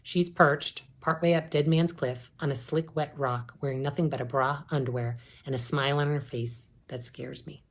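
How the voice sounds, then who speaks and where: English professor lady doing a read-aloud, deep voice, calm steady narration. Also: moderate pace, few pauses.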